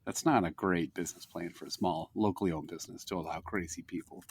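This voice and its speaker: Low-voiced man making wry asides. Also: steady tone, fast talker, slightly rough. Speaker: podcast co-host. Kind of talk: casual podcast chat.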